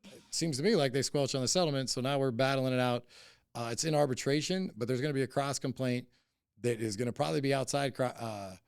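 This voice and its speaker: This middle-aged man, a cannabis company CEO appearing as a podcast guest, tells a story bluntly and heatedly, swearing heavily. His mid-range voice is fast and clean, recorded at studio quality with no echo, in a casual interview setting.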